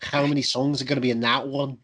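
A man's voice: medium pitch, flat delivery, fast, a bit bright. A man hosting a podcast, chatting casually with jokey, teasing banter. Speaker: podcast host. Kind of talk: casual comedic chat.

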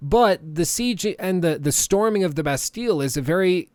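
A man's voice: sits high, expressive, moderate pace, smooth, no room sound, clean studio sound. A man giving a conversational, opinionated video game review as a voice-over. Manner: conversational and opinionated, with small restarts.

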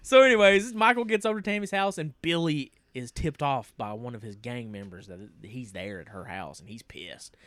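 A man's voice: mid-range voice, normal speed, few pauses, no room sound. A man, casually recapping a movie as podcast co-host, laughing often. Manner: laughs often, animated storytelling.

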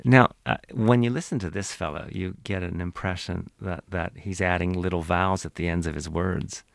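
A man's voice: low voice, fairly even intonation, normal speed, gravelly, dry recording, studio quality. A man who is an accent archive expert, explaining in an interview in a lecturing manner.

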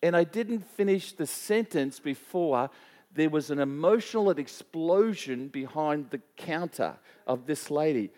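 In a church hall with a long reverb, a male pastor preaches with a fairly high, a little mellow voice and lively intonation, speaking a little slowly. He tells a story in a conversational manner, frequently restarting and asking the congregation questions.

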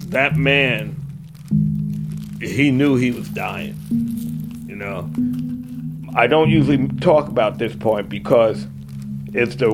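An older man from California telling a personal story, halting and reflective, with pauses and fillers. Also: medium pitch. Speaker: eyewitness storyteller. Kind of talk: personal story told in interview.

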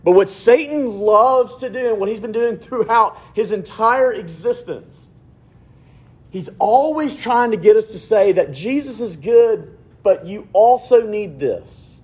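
A man preaching from the pulpit, his voice sitting a little high for a man. He drops into quiet, hushed prayer, then lifts into emphatic, building preaching. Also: expressive, a little slow. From Alabama, USA. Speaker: pastor. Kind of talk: sermon.

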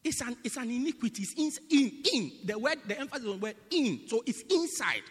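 A man with a very high, lively voice preaches a teaching sermon, his pitch leaping around as he explains and keeps asking whether the congregation follows. His tone is bright and sharp. The long reverb of a church hall trails behind every phrase. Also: fast, slightly rough. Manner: teaching, repeatedly asking the congregation "do you get it?"; animated, swinging between loud bursts and quiet asides.

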